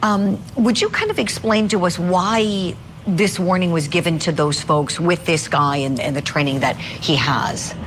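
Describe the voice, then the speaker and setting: A woman's voice: lowish voice, measured pace, a little hiss or hum. A woman moderating a panel, thanking guests and asking them questions.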